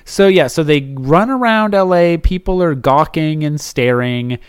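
Animated, joking male podcast co-host. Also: on the high side, a little slow, clean tone. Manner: joking, laughs often. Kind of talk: casual chat recapping a TV episode.

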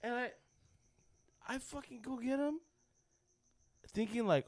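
A man's voice: high voice, sing-song, normal speed, long pauses, darkish tone, dry recording. A man telling stories in a casual podcast chat, laughing often, swearing, and acting out what people said. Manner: laughing storyteller, acts out quotes, swears a lot. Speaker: podcast host; school sports coach.

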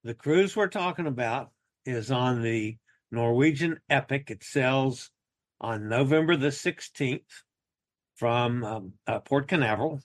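A man with a mid-range voice hosts a relaxed chat. He jokes easily and doesn't take much seriously. His delivery stays loose and friendly. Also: medium pitch, measured pace. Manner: joking, easygoing. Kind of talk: casual interview chat.

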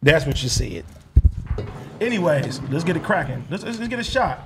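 A man hosting a casual podcast, loud and joking, with lots of profanity. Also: fairly high pitch, sing-song, moderate pace, slight background noise. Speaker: podcast host. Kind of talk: casual comedic podcast banter.

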